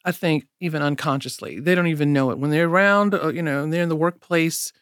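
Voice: medium pitch, fast talker, fairly bright tone, clean tone, no room sound, studio quality. A radio co-host chatting with a guest, laughing easily and saying "you know" often. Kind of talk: radio conversation.

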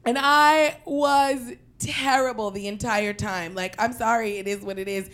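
A young woman from Queens telling a personal story in an animated, profane way, breaking into loud shouted quotes. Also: mid-range voice, moderate pace. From Queens, New York.

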